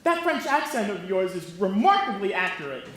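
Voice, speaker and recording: A woman's voice: medium pitch, big pitch swings, normal speed, fairly bright tone, slight background noise. A woman playing an earnest, lovesick young groom who pleads in a stage musical. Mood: pleading. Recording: very echoey stage hall.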